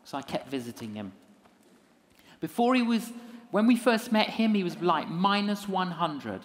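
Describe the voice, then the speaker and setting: With a high voice at normal speed, a male minister and evangelist narrates a story in a lecture. He jokes at his own expense and brings the tale to life by acting out voices.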